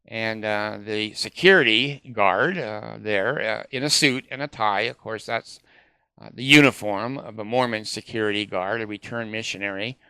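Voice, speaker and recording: A man's voice: fairly low pitch, normal speed, bright, forceful tone, smooth, no echo, clean studio sound. A man vlogging in a rambling, hesitant way, full of fillers and casual swearing.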